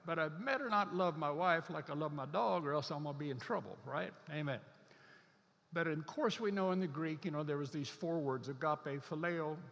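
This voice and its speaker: A man preaching a sermon as a pastor, earnest, slowing down and stretching key scripture words to drive them home. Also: a little high, vocal fry, a bit bright, in a large hall.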